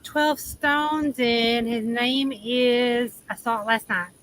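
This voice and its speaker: Bright-voiced chatty Southern woman. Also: fairly high pitch, fairly even intonation, takes it slowly, slight background noise, poor audio. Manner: chatty, laughing, trailing off with ums. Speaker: livestream host. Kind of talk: casual livestream chat. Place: outdoors in the shade under an awning.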